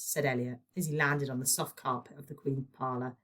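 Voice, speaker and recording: A woman with a British accent, a primary school teacher, reading a children's novel aloud with expressive storytelling. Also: rumbling low, a little fast. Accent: British English.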